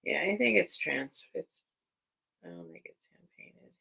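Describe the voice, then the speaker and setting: A woman's voice: low-pitched, wildly swooping pitch, a little slow, vocal fry, bright, forceful tone, husky, poor audio. A woman hosting a casual live sale stream, chatting in a rambling, enthusiastic way. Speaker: online sale host. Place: at home among her collection.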